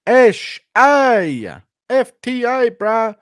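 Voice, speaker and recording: Streamer imitating a high, hollering slang fighter, dry close mic. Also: male voice, very animated, drawn-out words, no room sound, heavily acted. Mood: hyped. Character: cheery young male island fighter yelling slang.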